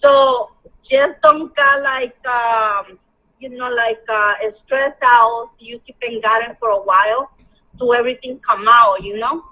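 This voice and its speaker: Caring mother on a lo-fi call. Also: on the high side. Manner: caring, slow and halting, advising.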